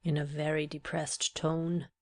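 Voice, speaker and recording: A woman narrating a classic novel in a measured, even storytelling manner. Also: deep voice. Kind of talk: scripted audiobook narration.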